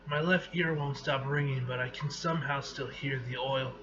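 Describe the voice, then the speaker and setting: A man reading an injured, sharp-tongued woman hero from a comic, with dry, cutting remarks. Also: mid-range voice, steady tone, normal speed, highs cut off, natural voice.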